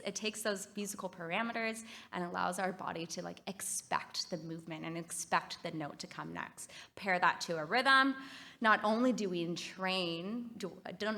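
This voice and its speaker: Bright upbeat Canadian woman presenter. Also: medium pitch. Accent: Canadian English. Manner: upbeat, encouraging, leads the audience in exercises. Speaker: music therapist presenter. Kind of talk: conference presentation. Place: conference hall.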